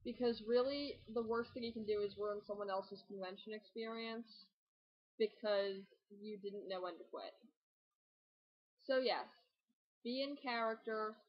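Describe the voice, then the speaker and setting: A woman's voice: medium pitch, lo-fi sound. Chatty young woman giving cosplay tips. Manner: chatty, joking, rambling asides. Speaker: cosplay vlogger. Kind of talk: casual tutorial talk.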